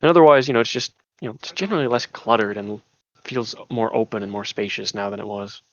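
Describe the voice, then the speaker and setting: A man's voice: fairly low pitch, fast, muffled recording. A man narrating a tabletop game as game master, rambling with many restarts and fillers. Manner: rambling, full of "you know" and restarts.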